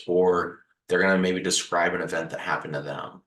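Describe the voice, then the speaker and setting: Here a low-voiced man talks briskly, with hardly any pauses, as he hosts a video on recovering after a house fire. He speaks earnestly and reassuringly to the viewer, gently repeating phrases and slipping in the odd "uh." The recording is rough and reverberant.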